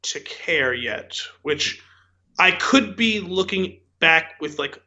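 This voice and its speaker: A man's voice: on the high side, animated, takes it slowly, sharp tone, a little hiss or hum. A man co-hosting a casual podcast, telling stories in a rambling way full of "like" and "um". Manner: rambling, filler-heavy storytelling with frequent "like" and "um". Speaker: podcast co-host.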